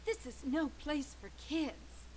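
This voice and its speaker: A woman's voice: high voice, slow pace, a little hiss or hum, poor audio. An actress playing a wary, defensive woman hiding in a hotel room, speaking in a curt, guarded way.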